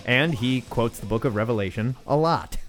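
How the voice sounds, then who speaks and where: A man's voice: medium pitch, moderate pace, soft background music. A man co-hosting a casual comics podcast, laughing often and telling stories with animation. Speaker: podcast co-host.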